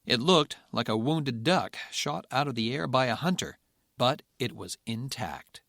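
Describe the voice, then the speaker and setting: A man reads a thriller audiobook in steady, measured narration. His voice sits in an ordinary middle register. The close mic gives a dry, roomless sound. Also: medium pitch, creaky, no echo. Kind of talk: scripted narration.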